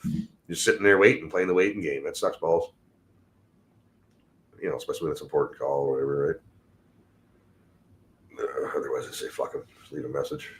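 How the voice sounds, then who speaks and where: Deep-voiced, foul-mouthed man rambling on a stream. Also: steady tone, a little fast, long pauses, a little hiss or hum. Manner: rambling and heavily profane. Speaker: livestream host; tradesman. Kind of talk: casual livestream chat.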